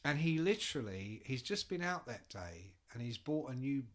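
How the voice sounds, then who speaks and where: Animated man telling stories. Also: medium pitch, moderate pace. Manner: animated storyteller, swears freely, acts out other people's voices. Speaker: podcast guest telling road stories. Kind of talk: casual chat, anecdote telling.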